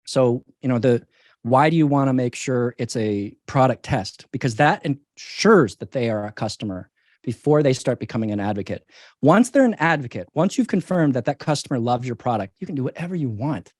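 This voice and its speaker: A man's voice: medium pitch, lively intonation, brisk, darkish tone, no room sound. A man who is a company CEO answers interview questions with punchy, persuasive emphasis and keeps repeating his main points. His voice sits in a middle range and sounds dry and close to the mic.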